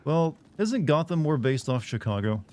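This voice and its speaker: A man's voice: a little high, very animated, moderate pace, a little mellow. A man casually commenting as he plays a game on stream, rambling and cracking crude jokes to his chat.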